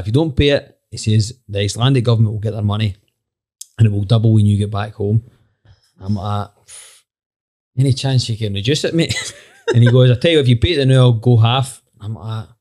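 A man's voice: lowish voice, fast, warm tone. A man, a band member telling a wry, laughing anecdote in a casual chat.

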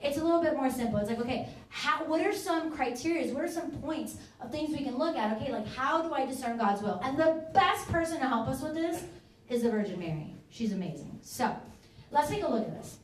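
A woman giving a lively, chatty faith talk to a live audience, often checking in with "right?". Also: high-pitched, a little fast, roomy sound, distant mic, a little hiss or hum. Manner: animated, chatty, many "right?" and "like". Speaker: speaker at a Catholic youth event.

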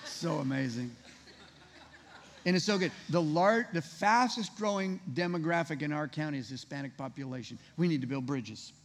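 A man's voice: on the high side, lively intonation, moderate pace, slight background noise. A man preaching a conversational sermon, firing rhetorical questions at his congregation. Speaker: pastor. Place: church sanctuary. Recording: reverberant hall.

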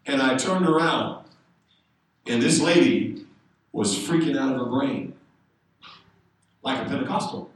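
A man preaching a sermon, telling a story and building to loud shouted exhortation. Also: mid-range voice, animated, unhurried, long pauses. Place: church sanctuary. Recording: echoey room, speaker far from the mic.

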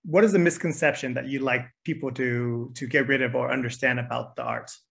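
A man's voice: mid-range voice, steady tone, a little fast, creaky, fairly bright tone. A man hosting a podcast interview, affirming and encouraging his guest. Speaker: podcast host. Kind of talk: casual interview conversation.

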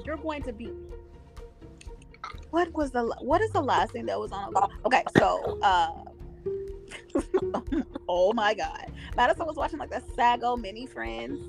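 A woman in casual podcast chat, animated and profane, laughing often as she talks. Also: sits high, creaky.

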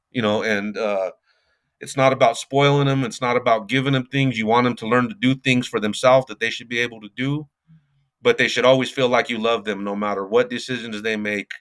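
A man in his forties talks as a podcast guest, unhurried and reflective. He hands out advice about parenting and life in a loose, conversational way. His talk is full of everyday fillers. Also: medium pitch, steady tone, a bit bright. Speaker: guest, youth coach and mentor. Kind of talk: casual podcast interview.

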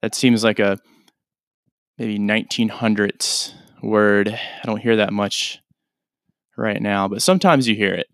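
A man's voice: on the low side, unhurried, long pauses, a bit bright, no room sound, studio quality. Laid-back man hosting a teaching podcast. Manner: laid-back, chatty, informal explanations. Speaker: podcast host and English teacher.

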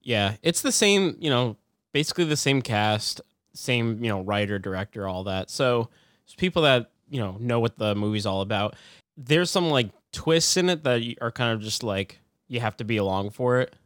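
A man's voice: medium pitch, lively intonation, normal speed, a bit bright, dry recording, studio quality. A man co-hosting a movie-review podcast in casual chat, rambling with many fillers and chuckles. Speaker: podcast co-host.

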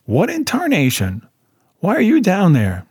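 A stern old cemetery caretaker in a storybook, voiced by a man, gruff and whistling as if without his teeth. The voice is husky and dry, close to the mic. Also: high voice, wildly swooping pitch, a little slow, darkish tone, dry recording, voice pushed up, heavily acted.

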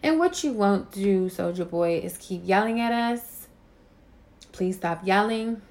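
A woman's voice: medium pitch, animated, moderate pace, creaky, darkish tone. A young adult woman hosting a podcast, ranting in a casual, profane monologue and repeating catchphrases for emphasis. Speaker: podcast host.

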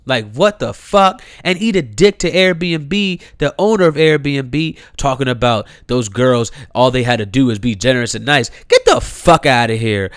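A man's voice: medium pitch, animated, moderate pace, few pauses, a bit bright, no echo, studio quality. A man, delivering a heated, incredulous rant, swearing freely and repeating himself. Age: 30s. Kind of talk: impassioned rant to camera.

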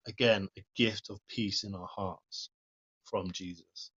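A man's voice: fairly low pitch, fairly even intonation, unhurried, a bit bright, breathy edge, dull audio. A man giving an informal devotional talk, reading Bible verses and commenting on them in an earnest, plain-spoken way. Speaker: lay preacher.

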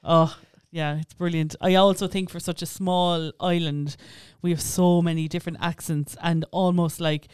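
A man's voice: on the high side, level tone, moderate pace, hardly any pauses, clean tone, no echo, studio quality. A young Irish man co-hosting a podcast in casual chat, filling his talk with "yeah" and "like". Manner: chatty, lots of fillers and "yeah, yeah". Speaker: podcast co-host.

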